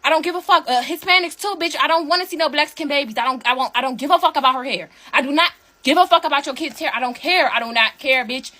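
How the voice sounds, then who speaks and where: A woman's voice: sits high, fast talker, pushed and bright. A woman delivering a heated, profane rant straight to camera.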